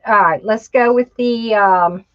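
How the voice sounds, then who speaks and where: A woman's voice: mid-range voice, measured pace, highs cut off. A woman teaching a live crafting tutorial, chatting to herself as she works and calling her viewers "y'all". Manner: chatty, talks to herself while working, says "y'all". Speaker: craft instructor.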